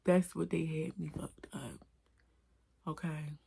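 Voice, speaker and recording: A woman telling an animated, profane storytime in slangy casual speech. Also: deep voice, takes it slowly, gravelly, a little hiss or hum. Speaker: vlogger. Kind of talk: storytime vlog.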